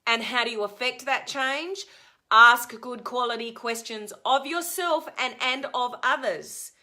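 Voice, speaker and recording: Bright, emphatic woman coaching viewers. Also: fairly high pitch, unhurried. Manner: energetic, emphatic, acts out quoted complaints. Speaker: life coach. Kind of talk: live motivational talk to viewers.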